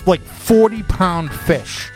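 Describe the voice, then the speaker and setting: A man co-hosting a podcast, telling crude animated stories with lots of swearing and laughter. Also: high voice, slow pace, faint music behind. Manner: profane, animated storyteller, laughs often. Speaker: podcast co-host. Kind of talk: casual crude banter.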